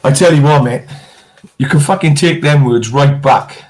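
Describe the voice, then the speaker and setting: High-voiced, boisterous English man. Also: normal speed, a little mellow. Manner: swearing, boisterous storytelling. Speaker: co-host. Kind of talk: casual chat.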